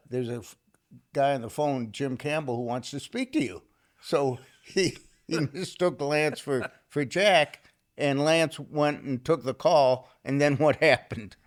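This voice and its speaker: A man, a sportswriter and author, telling an anecdote and describing his writing process as a podcast guest, in a measured way. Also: mid-range voice. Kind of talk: casual interview storytelling.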